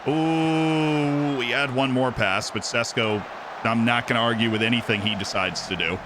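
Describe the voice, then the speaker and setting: A young man streaming himself playing a football management game, muttering asides and then shouting with delight when his team scores. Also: medium pitch, moderate pace, noisy background. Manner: excitable, swings from mumbled asides to shouting at goals. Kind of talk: live gameplay commentary.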